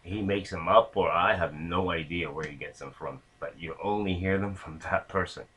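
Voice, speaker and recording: A man's voice: low-pitched, moderate pace, pushed and bright, husky, rough recording. A man casually telling a long anecdote, rambling with many fillers and restarts. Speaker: storyteller.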